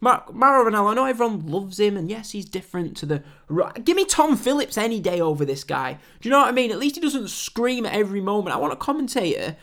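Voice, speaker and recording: A man hosting a wrestling podcast, giving blunt opinions with swearing and mocking loud shouts. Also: high voice, big pitch swings, fast talker, hardly any pauses. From England. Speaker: podcast host.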